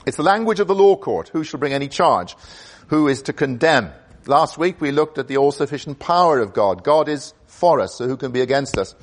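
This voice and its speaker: A man's voice: mid-range voice, lively intonation, a little fast. Man preaching an earnest sermon. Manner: earnest, emphatic expository preaching with rhetorical questions.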